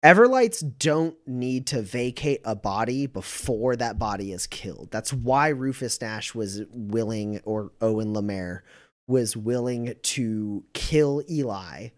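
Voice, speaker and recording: A man's voice: mid-range voice, animated, slow. A man running a tabletop game as game master, narrating casually with frequent fillers.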